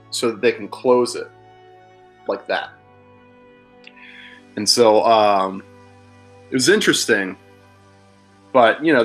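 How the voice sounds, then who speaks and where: A slightly rough, lowish male voice with a bit of brightness belongs to a Philadelphia man in his thirties. Guesting on a podcast, he chats casually, telling candid, rambling stories and cursing freely.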